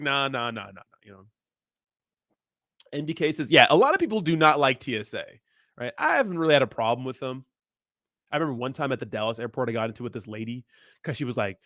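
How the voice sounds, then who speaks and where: A man's voice: medium pitch, lively intonation, quick pace, fairly bright tone, no echo, studio quality. A young man from Southern California hosting a crypto livestream, chatting casually and crudely, joking and laughing as he reads viewer comments.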